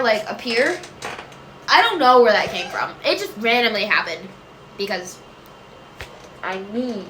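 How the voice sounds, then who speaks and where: A woman's voice: medium pitch, lively intonation, slow, pauses often, pushed and bright. A woman vlogger answering viewer questions in casual chat, rambling, often trailing off with fillers and "I don't know". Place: home room. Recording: echoey room with faint noise.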